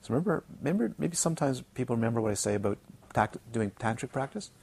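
A man teaching a dharma talk to retreat students, playful and animated, repeating words for emphasis and mimicking his students. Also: medium pitch, fast, gravelly, husky. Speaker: Buddhist teacher. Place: retreat centre teaching hall.

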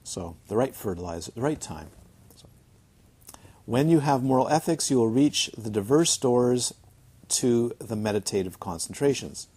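A man's voice: medium pitch, animated, moderate pace, darkish tone, slightly rough. A man teaching as a Buddhist teacher during a retreat, chatty and checking in with his listeners as he tells funny stories. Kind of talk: Dharma talk on a retreat. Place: retreat centre.

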